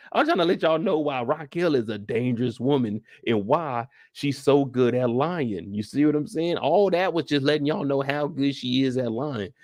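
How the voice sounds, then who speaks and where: Brief: male after-show host, lively gravelly voice, dry close sound, slangy casual recap. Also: medium pitch, no echo. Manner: animated, slangy storytelling to viewers. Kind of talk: casual episode recap commentary.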